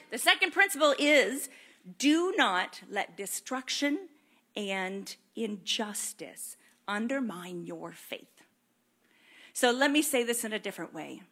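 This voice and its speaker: A woman's voice: mid-range voice, a bit bright. A woman preaching a sermon in a casual, earnest way, reading scripture aloud and talking it through with many fillers.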